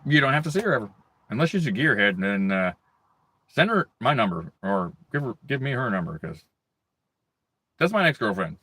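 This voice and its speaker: A man's voice: mid-range voice, big pitch swings, fairly quick, long pauses, a bit bright, husky. A man hosting a livestream, ranting crudely and angrily in a rambling way full of fillers and restarts. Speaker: livestream host. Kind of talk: profane ranting monologue.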